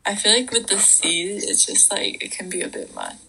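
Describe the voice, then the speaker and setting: A young woman co-hosting a casual late-night livestream chat, chatty and giggly, sometimes dropping into hushed whispers. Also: medium pitch, huge pitch swings, moderate pace, creaky, a little hiss or hum, low-quality recording. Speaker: livestream co-host.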